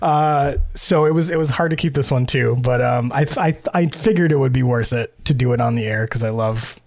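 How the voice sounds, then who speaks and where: A man's voice: medium pitch, fairly quick, a little mellow, no room sound, clean studio sound. A man co-hosting a podcast in casual chat. He is bubbly, laughs often and rambles with restarts. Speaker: podcast co-host.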